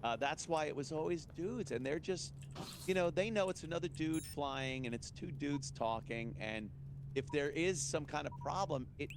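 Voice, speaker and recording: A man's voice: a little high, moderate pace, background noise. A man hosting a casual talk show, blunt, crude and emphatic in his delivery. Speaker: podcast host. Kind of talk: casual chat.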